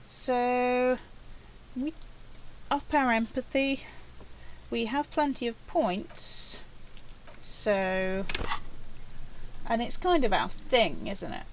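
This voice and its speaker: A woman's voice: a little high, expressive, takes it slowly, pauses often, background noise. A woman doing a let's play, reading game text aloud and musing over her choices. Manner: musing, chatty. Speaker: let's player.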